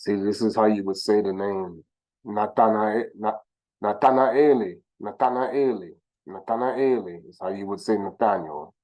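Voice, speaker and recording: A man giving informal religious teaching who sounds out names slowly, corrects himself, and asks rhetorical questions. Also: fairly low pitch, steady tone, dull audio. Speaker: teacher of scripture.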